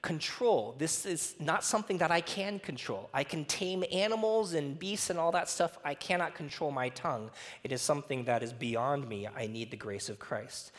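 A man preaching a sermon as pastor, talking conversationally and telling lively stories. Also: a little high, normal speed. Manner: conversational, animated storytelling with laughs. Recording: reverberant hall.

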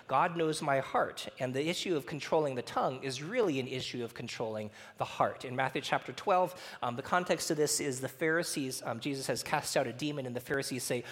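Male preacher, casual and chatty, mid-pitched, long hall reverb. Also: animated, moderate pace. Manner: chatty, laughing, frequent fillers and "right?". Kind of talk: casual sermon with personal stories.

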